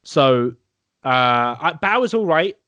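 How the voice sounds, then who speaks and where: A man's voice: a little high, big pitch swings, slow, a bit bright, no echo, muffled recording. A young man co-hosting a podcast, chatting over beers, enthusing about food with restarts and the odd swear. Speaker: podcast co-host. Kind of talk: casual chat over beers.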